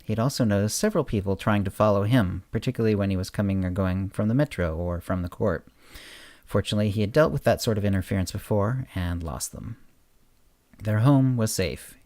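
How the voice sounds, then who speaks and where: Man, story narration, low voice, dry close recording, steady reading. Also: a little fast, no room sound. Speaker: host reading his own story. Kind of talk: audiobook-style story narration.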